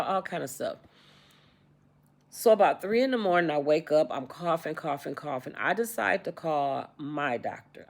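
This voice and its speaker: Gravelly-voiced woman in her sixties. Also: sits low. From United States. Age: 60s. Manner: repetitive, animated retelling with quoted dialogue. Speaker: vlogger. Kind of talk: casual storytelling.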